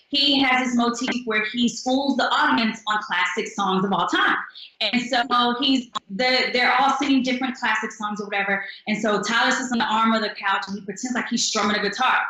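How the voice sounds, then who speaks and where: A young woman singer-songwriter tells her stories with lively, upbeat energy, slipping into little voices when she quotes people. Her tone is bright and a bit high, and the room around her rings with strong echo. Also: a little fast. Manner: animated, acts out quotes, upbeat. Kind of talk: casual storytelling interview. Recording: echoey room.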